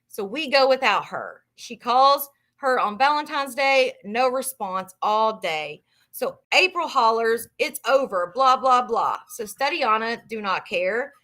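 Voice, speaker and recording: A woman hosting a live book club, reading a memoir aloud in a casual, profane way and reacting loudly between passages. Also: fairly high pitch.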